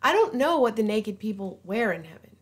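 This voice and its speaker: A woman giving an informal sermon, earnest and pleading, often dropping to a hushed voice. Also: medium pitch, sing-song, brisk. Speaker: preacher.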